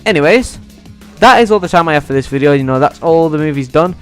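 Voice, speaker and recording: A man ranking movies in a casual vlog, excitable and swearing freely. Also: fairly high pitch, fast talker, smooth, faint music behind. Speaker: YouTuber.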